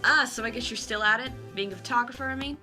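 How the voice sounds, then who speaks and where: A woman's voice: a little high, quick pace, pushed and bright, faint music behind. A woman voicing a nervous young male defense attorney who hesitates and stammers. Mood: flustered.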